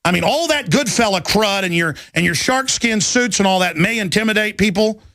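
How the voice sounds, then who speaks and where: Male talk radio host, high gravelly voice, bright edge, dry close mic, fired-up rant. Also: animated, brisk, no room sound. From Texas. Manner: loud, impassioned, mocking impressions. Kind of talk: ranting political radio monologue.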